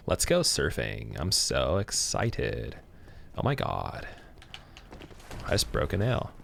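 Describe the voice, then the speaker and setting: A man's voice: rumbling low, wildly swooping pitch, drawn-out words, vocal fry, long pauses, a little mellow, slight background noise, exaggerated voice. A man doing a ditzy drawling surfer girl. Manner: drawling, slurred, dramatic. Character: ditzy California surfer girl, airy and dramatic.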